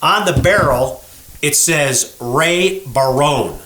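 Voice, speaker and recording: A man's voice: a little high, takes it slowly, roomy sound. A man hosting a gunsmithing show, chatting casually and pointing out flaws on a gun to viewers. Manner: folksy, animated, talks to viewers as folks. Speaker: show host, gunsmith shop owner. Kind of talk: casual explanatory chat. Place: gun shop workroom.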